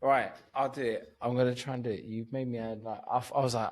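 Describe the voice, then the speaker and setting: This Cypriot man talks fast in a steady, mid-range voice. He's a comedian appearing on a podcast, drunk and drowsy, drifting from topic to topic and cursing without restraint as the conversation stays casual.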